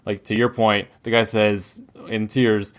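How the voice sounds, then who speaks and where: A man's voice: lowish voice, flat delivery, unhurried. American man chatting casually about film. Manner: rambling, many fillers and restarts. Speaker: podcast co-host.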